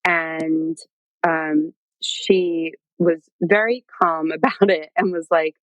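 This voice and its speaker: A woman's voice: deep voice, takes it slowly, no room sound, muffled recording. A woman guest telling her own story in a casual, chatty way, full of fillers and acted-out quotes. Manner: chatty, lots of "like" and "um", animated quoting.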